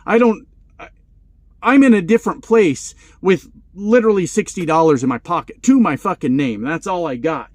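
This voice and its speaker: A man of about forty, a truck driver vlogger, telling a story in casual, profane, animated style. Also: high voice, moderate pace, no echo.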